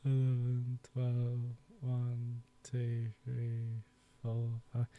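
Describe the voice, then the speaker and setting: A man's voice: mid-range voice, monotone, drawn-out words, phone-quality sound, a little hiss or hum. A man in his thirties chatting casually on a live stream, rambling and nostalgic, often laughing as he talks into a desk microphone. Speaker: YouTube host.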